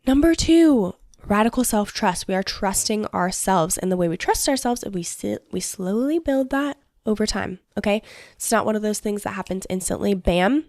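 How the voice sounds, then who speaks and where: A woman's voice: mid-range voice, normal speed, darkish tone, dry recording, studio quality. A young adult woman hosting a self-help podcast, talking casually and upbeat, often checking in with "okay?". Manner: chatty, upbeat, frequent "like" and "okay?". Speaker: podcast host.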